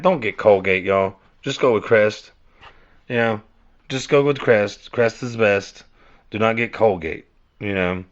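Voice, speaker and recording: A podcast host with a fairly low, slightly bright male voice rambles casually through a monologue, cursing, repeating himself and restarting sentences while calling his listeners "y'all." The recording sounds dull and lo-fi.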